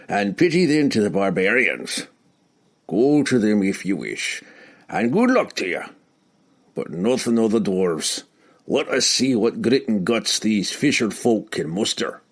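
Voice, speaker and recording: A man voicing a gruff, stubborn old male dwarf warrior in an audiobook, blunt and growling. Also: lowish voice, big pitch swings, measured pace, exaggerated voice.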